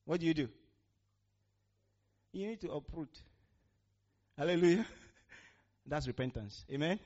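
A man's voice: fairly high pitch, expressive, a little slow, a little mellow. Emphatic preacher man, call-and-response. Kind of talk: sermon. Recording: muffled lo-fi recording.

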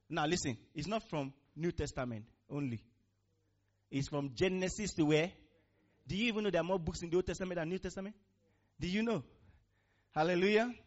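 Male preacher, sermon delivery, emphatic call-and-response, lo-fi sound. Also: fairly high pitch. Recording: muffled lo-fi recording.

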